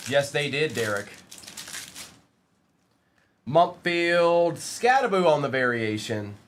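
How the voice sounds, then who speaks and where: A man's voice: on the high side, very animated, slow pace, fairly bright tone, a little hiss or hum. A man hosting a live-streamed trading card break, reading out player names and bantering with the chat in a playful way.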